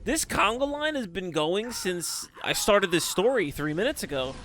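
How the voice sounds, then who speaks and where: A young man giving casual, rambling commentary on a strategy game, often breaking into excited exclamations. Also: high voice, moderate pace, a little hiss or hum. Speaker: game caster.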